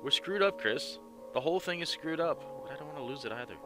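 A man's voice: on the low side, expressive, fast, close to an everyday voice. A man voicing an anxious, volatile young woman in love, pleading and near tears, with game music underneath. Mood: pleading, distraught.

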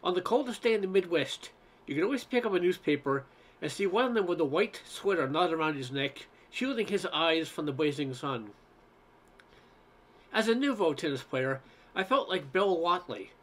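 A man reading a humorous essay aloud in a wry, expressive storytelling manner. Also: a little high, fairly quick.

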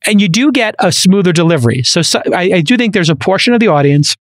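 A man with a Brooklyn accent hosts a podcast conversation, his voice sitting a touch high. He talks in an animated, rambling way, full of fillers and restarts. The sound is close and dry, from a studio microphone. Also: fast talker, few pauses, no echo. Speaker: podcast host. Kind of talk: casual interview chat.

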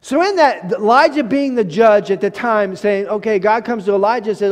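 A man preaching a sermon, telling the story in an animated way, acting out quotes with frequent restarts. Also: sits high, brisk, hardly any pauses, long reverb tail. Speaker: pastor.

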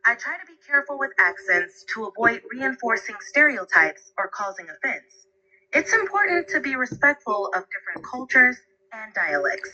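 A synthetic woman's voice of an AI assistant, answering in an upbeat, polite and even way. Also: on the high side, normal speed, highs cut off. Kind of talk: conversational assistant replies.

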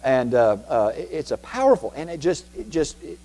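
A man preaching from the pulpit, his voice a touch higher than most men's and mellow in tone. He presses each point with repeated words and rhetorical questions thrown to the congregation, and his voice rings out with a long church reverb. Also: very animated, moderate pace. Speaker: pastor. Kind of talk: sermon. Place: church sanctuary.

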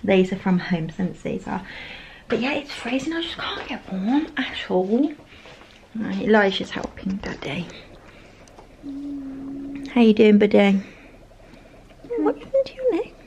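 A woman's voice: fairly high pitch, very animated, normal speed, a crowd in the background, rough recording. A woman filming a casual family vlog at home, chatty and self-mocking, laughing often. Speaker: family vlogger, mother. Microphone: compact camera's built-in mic.

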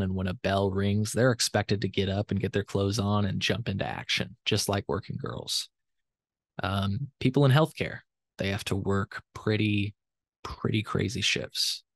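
A man's voice: on the low side, no echo. A man hosting a podcast interview, talking in a rambling, hedging way and correcting himself as he goes. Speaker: podcast host. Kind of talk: conversational interview and recorded aside.

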